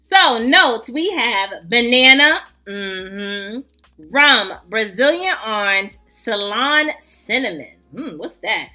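A woman hosting a casual fragrance review vlog, chatty and excitable, greeting her viewers as family. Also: on the high side, slow, soft background music. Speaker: fragrance vlogger host.

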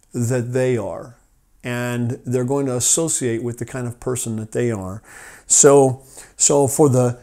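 A man's voice: medium pitch, mellow. A man hosting a rescue mission podcast from his office, telling a parable in a friendly, hesitant way with many fillers. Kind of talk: storytelling devotional talk.

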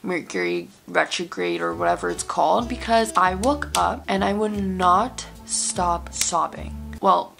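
A woman's voice: fairly low pitch, measured pace, vocal fry, hardly any pauses, a bit bright, soft background music. A young woman vlogging in a casual, candid way, sleep deprived and swearing freely as she chats. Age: young adult. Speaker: college student vlogger. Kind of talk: casual vlog chat.

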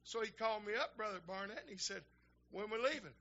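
Gravelly older preacher, lo-fi. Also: male voice, high voice, lively intonation, fast, a little hiss or hum. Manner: builds to shouting fervor, folksy storytelling. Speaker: minister. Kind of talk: storytelling sermon.

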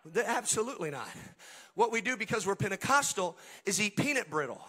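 A man preaching a Pentecostal sermon at a church service. He swings between quiet joking asides to the congregation and shouted, sing-song preaching. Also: sits high, big pitch swings, a little fast, breathy edge. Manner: humorous and talks directly to the congregation.

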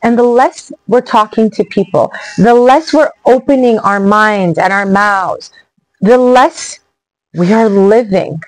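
A woman's voice: medium pitch, slow, dry recording, poor audio. Earnest, encouraging woman, dry close sound. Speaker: travel vlogger. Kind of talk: motivational monologue to camera.

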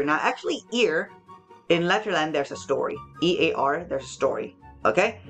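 A young woman with a Hong Kong accent, teaching phonics to children in a lively, expressive way, often repeating words. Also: on the low side, fairly quick, faint music behind. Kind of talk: lively teaching talk for kids.

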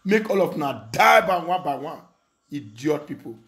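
A man's voice: fairly high pitch, expressive, normal speed, a bit bright. A young Nigerian man speaking Nigerian Pidgin English, ranting angrily with insults, mocking laughter and repeated phrases. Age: young adult. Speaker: online commentator. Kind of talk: angry rant.

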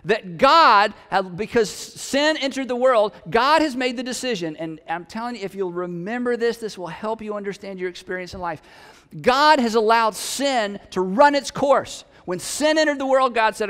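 A man's voice: high voice, expressive, moderate pace, a bit bright, clean tone, big-room sound. A man preaching a sermon in a conversational, humorous way, with emphatic peaks. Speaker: pastor.

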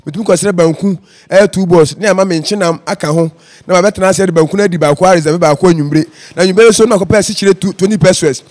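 This man speaks fast in a high, slightly mellow voice with a Ghanaian accent. An evangelist appearing as an interview guest, he recounts his life story as a personal testimony in a casual interview, slipping English phrases into his talk.

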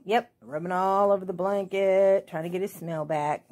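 A woman in her forties with a Southern US accent, filming at home on a phone and talking to her pet in high, playful baby talk. She laughs often. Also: fairly even intonation, moderate pace, darkish tone. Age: 40s. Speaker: crafting vlogger. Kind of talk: casual home video chat. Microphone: phone held in hand.

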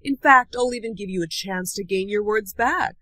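A woman voicing a sly sorceress who coaxes people into deals, speaking slowly and sweetly. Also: medium pitch, sharp tone, no room sound, rough recording. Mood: scheming. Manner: slow, purring, coaxing.

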